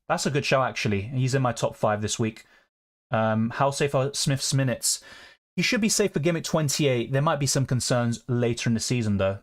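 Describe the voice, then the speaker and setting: A young man chatting casually on a live stream, answering viewer questions in a relaxed, conversational way. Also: mid-range voice. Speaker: fantasy football streamer.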